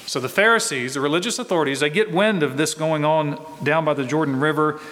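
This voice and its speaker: A man's voice: on the high side, a little fast, a bit bright. Man preaching in a reverberant hall. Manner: conversational teaching with rhetorical questions. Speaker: pastor. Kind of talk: expository sermon.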